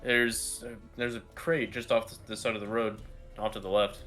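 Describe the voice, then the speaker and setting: A man's voice: lowish voice, level tone, normal speed, fairly bright tone, soft background music. A man speaking as a player in a tabletop game, giving short plain replies. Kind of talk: casual tabletop play.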